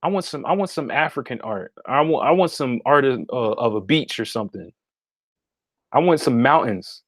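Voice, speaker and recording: The speaker is a male livestream host and spiritual consultant talking directly to his audience from a meditation room at home, in a casual setting. His mid-range voice is expressive and moderately paced, he's repetitive and asks "okay?" a lot, and the audio is clean studio sound without room noise.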